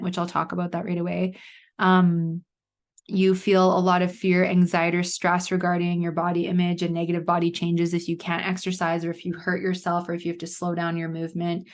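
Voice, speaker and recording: A woman in her thirties hosting a solo podcast, telling a personal story in a chatty way with lots of fillers. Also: on the low side. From Canada. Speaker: podcast host. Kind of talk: casual solo podcast monologue.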